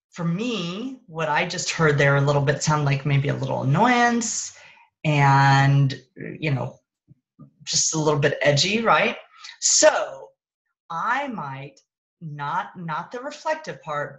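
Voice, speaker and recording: A woman's voice: deep voice, big pitch swings, slow, highs cut off. A woman coaching parents in a casual live-stream talk, recorded on her phone, thinking aloud and correcting herself as she goes.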